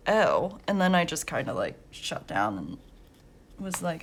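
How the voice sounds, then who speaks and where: A woman's voice: on the low side, very animated, a little slow, slight background noise. A young woman hosting a coloring channel, chatting casually and telling work stories with lots of laughs and fillers. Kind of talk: casual chat while coloring.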